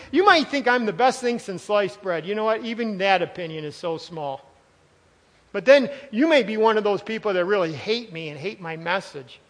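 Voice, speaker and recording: A high-pitched man delivers a sermon as pastor, speaking in an emphatic, conversational way that doubles back on phrases for stress. His voice carries a long reverb tail, as if recorded in a church sanctuary. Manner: emphatic, conversational preaching with asides and repeated phrases.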